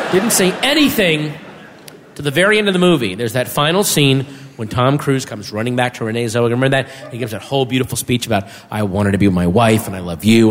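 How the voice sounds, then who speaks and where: A male stand-up comedian telling a story on stage, animated and laughing, shouting his punchlines. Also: on the high side. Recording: live club sound with reverb, crowd and noise.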